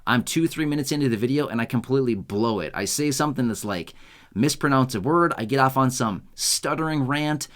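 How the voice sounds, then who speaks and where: An American man of middle pitch hosts his own unedited video. He rambles, laughs at his own slips and pokes fun at himself. His talk is loose and chatty, like an unscripted upload. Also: a little fast, a bit bright. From United States. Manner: rambling, self-mocking, laughs often. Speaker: YouTube host. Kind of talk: casual unscripted vlog.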